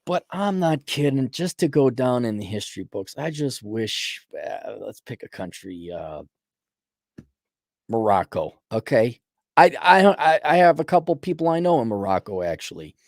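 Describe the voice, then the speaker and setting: A man's voice: mid-range voice, big pitch swings, normal speed, no room sound, studio quality. A man hosting a casual rant show, answering a viewer's letter in a blunt, profane, rambling way with lots of restarts. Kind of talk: casual ranting commentary.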